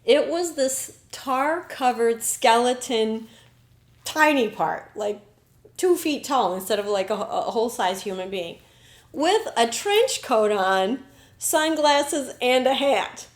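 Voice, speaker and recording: A woman's voice: a little high, animated, takes it slowly. A woman hosting a spiritual podcast, talking in an earnest, reflective way and often slipping into quoted inner dialogue. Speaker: podcast host. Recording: roomy echo.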